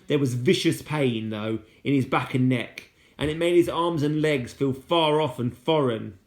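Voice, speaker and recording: A man reading a children's novel aloud as a teacher, steady and unhurried, with casual asides when he slips. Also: mid-range voice. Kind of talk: storybook read-aloud.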